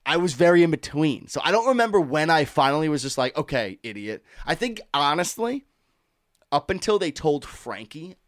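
A man in casual chat, an animated storyteller who swears freely and acts out the people in his stories. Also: a little high, brisk, dry recording, clean studio sound.

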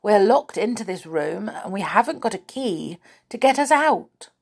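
Lady reading a glum schoolboy rattling off his lines, soft breathy voice. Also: medium pitch, expressive, normal speed, pitched above the performer's own voice. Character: gloomy sensible schoolboy.

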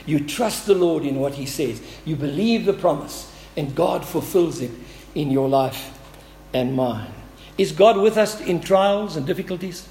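A man preaching a sermon as pastor, drawing out phrases and swinging between loud declarations and hushed words. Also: a little high, slight background noise. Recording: long reverb of a large hall.

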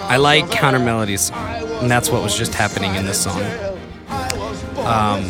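A young man chatting casually as a podcast host, rambling between mumbled asides and excited outbursts. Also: fairly low pitch, moderate pace, pauses often, over loud music. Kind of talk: casual solo chat.

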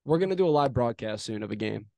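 A young man co-hosting a casual sports podcast, telling an animated, profane story and throwing in mock home-run calls. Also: mid-range voice, fast, creaky, dry recording. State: arm in a sling after shoulder surgery. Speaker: podcast co-host.

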